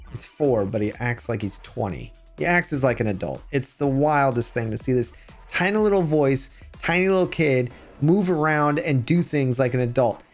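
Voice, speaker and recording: Guy chatting on his live stream, voice bouncing all over, rambly and animated, faint music behind. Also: mid-range voice. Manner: rambling, animated storytelling with chat shout-outs. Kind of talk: casual live-stream chat.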